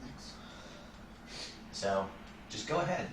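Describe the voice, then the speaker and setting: A man's voice: lowish voice, expressive, slow, slight background noise. A man casually chatting and joking while streaming a game, rambling in a playful way. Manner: playful, rambling, jokey asides. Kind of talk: casual gameplay chat on a live stream. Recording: roomy, distant mic with loud music behind. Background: game music.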